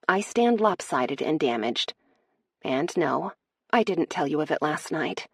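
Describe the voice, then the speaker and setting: A woman's voice: deep voice, gravelly, husky, no echo, clean studio sound, heavily acted. A woman voicing a proud, scarred young maid who was once a warrior, speaking in a tearful, pleading and defiant way.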